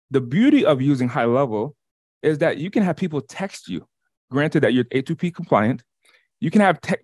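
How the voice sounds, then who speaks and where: A man co-hosting an online workshop, teaching in an energetic way, often restarting and repeating his words. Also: a little high, no echo, clean studio sound. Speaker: workshop co-host. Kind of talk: webinar teaching. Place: lives in Las Vegas.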